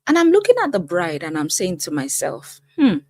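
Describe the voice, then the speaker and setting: A middle-aged woman hosting her own channel as a life coach, talking straight to viewers in an expressive, emphatic way. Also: on the low side, fairly quick, dry recording. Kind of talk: casual commentary to camera.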